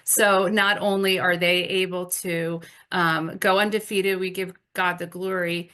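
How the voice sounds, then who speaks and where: A woman's voice: on the low side, flat delivery, measured pace, a bit bright, clear, resonant tone. A woman in her forties giving an earnest, emotional testimony talk as a conference speaker, stumbling and restarting as she tells her story. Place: conference stage.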